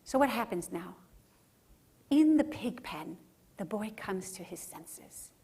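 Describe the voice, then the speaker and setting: A woman's voice: medium pitch, expressive, slow, warm tone, husky. A woman speaker giving an emphatic religious teaching talk at a conference, often checking in with the audience. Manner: emphatic, often tags lines with "right?". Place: conference center.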